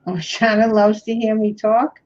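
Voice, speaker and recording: A woman's voice: medium pitch, steady tone, unhurried, darkish tone. A woman with a New York accent, chatting casually with friends during a livestream. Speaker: livestream co-host. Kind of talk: casual chat. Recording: lo-fi livestream audio.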